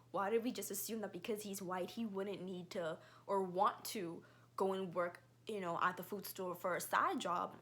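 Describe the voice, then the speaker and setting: A young woman in her twenties with a Bahamian accent, telling stories quickly and animatedly in a casual vlog. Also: mid-range voice. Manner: fast-talking, animated storyteller.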